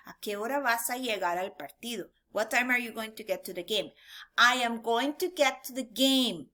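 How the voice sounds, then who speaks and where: A woman teaching a Spanish class, her voice a little high and very bright. She runs repetition drills and moves back and forth between English and Spanish, with a dog barking now and then behind her. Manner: drills phrases for students to repeat. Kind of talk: recorded classroom lesson.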